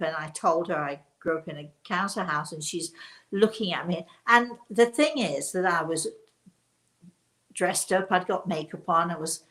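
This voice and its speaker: An older woman from Leicester with a softened English accent, telling a personal story in a chatty way with many restarts. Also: fairly low pitch, a little slow. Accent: softened English, not strongly local. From Leicester, England. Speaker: spiritual medium host. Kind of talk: casual storytelling.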